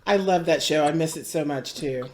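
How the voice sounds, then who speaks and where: A woman musician speaking as an interview guest over a video call, casual and quick to laugh. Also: sits low, darkish tone.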